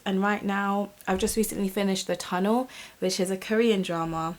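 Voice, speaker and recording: A woman's voice: mid-range voice, fairly even intonation, moderate pace. A young woman, chatting casually to camera in a rambling, swearing vlog. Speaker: vlogger.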